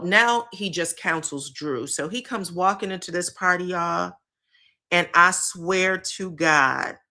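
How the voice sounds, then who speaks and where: A woman with a bright, ringing voice talks through the latest reality TV drama in a loose, chatty way. She swears freely, laughs, and slips into quick impressions of the people she describes. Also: fairly low pitch. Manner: animated, profane, laughs and mimics the people she talks about. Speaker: reality TV recap host. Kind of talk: casual gossip commentary.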